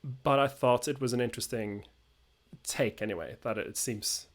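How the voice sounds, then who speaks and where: A man's voice: mid-range voice, normal speed. A young man from Norway, a native Norwegian speaker, co-hosting a casual chat in English, explaining things with frequent fillers. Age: young adult. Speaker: podcast co-host.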